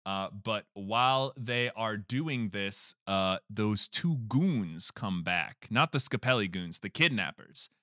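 A man hosting a casual podcast, retelling a film scene by scene and acting out the characters' lines in quick bits. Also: fairly low pitch, dry recording, clean studio sound. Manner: animated storytelling, acts out lines of movie characters. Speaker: podcast host recapping a film. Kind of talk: casual chat.

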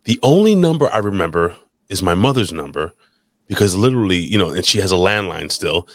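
Deep voiced guy just chatting on a podcast, cusses constantly, dry close mic. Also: animated, a little fast, no room sound. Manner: profane, rambling. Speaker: podcast co-host. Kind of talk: casual chat.

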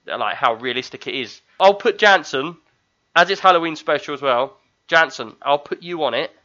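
A man's voice: fairly high pitch, normal speed, lo-fi sound. A man in his thirties chatting casually, telling stories animatedly and acting out the screams. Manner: animated storyteller, acts out screams. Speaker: show regular. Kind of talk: casual chat.

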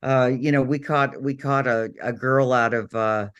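A man's voice: mid-range voice, steady tone, normal speed, a bit bright, clean tone, muffled recording. Rambling middle-aged man telling stories. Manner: rambling, many fillers and restarts. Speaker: guest. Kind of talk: casual interview storytelling.

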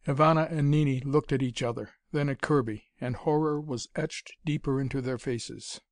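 A man reading an adventure story aloud as narrator, in a measured, dramatic manner. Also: medium pitch, steady tone, no echo, studio quality. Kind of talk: audiobook reading of pulp adventure fiction.

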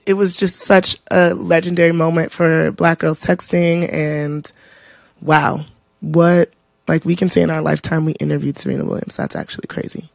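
List: woman, podcast co-host, gravelly, dry, animated storytelling. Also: sits low, moderate pace, no room sound. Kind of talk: casual chat.

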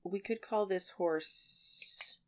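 A woman's voice: medium pitch, extremely slow. A woman co-hosting a casual podcast chat, talking in a loose, chatty way with many fillers, and sometimes reading passages aloud. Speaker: podcast co-host.

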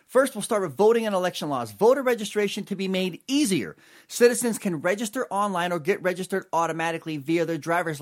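A man hosting an opinionated political commentary show, talking in an emphatic, sarcastic way. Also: high voice.

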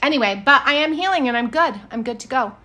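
A woman in her thirties co-hosting a casual podcast chat, telling lively stories and acting out what people said. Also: high voice, fast talker. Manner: animated storyteller, acts out quotes. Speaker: podcast co-host.

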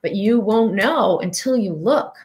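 A woman's voice: medium pitch, expressive, unhurried, darkish tone. A middle-aged woman giving an earnest, reflective talk as a wellness coach, guiding listeners with questions.

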